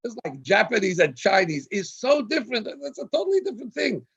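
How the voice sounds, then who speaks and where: A man's voice: high voice, sing-song, a little fast, vocal fry, a bit bright, slightly rough. A man, a rabbi, telling anecdotes on a video call and laughing at his own jokes. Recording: dull lo-fi video call audio.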